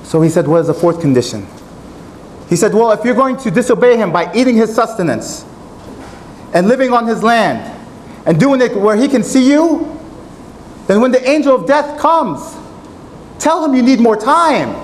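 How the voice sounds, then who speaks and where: A man's voice: very high voice, animated, normal speed, pauses often, slight background noise, low-quality recording. A man preaching a sermon in a mosque, earnest and storytelling. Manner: earnest, retelling a story with quoted dialogue.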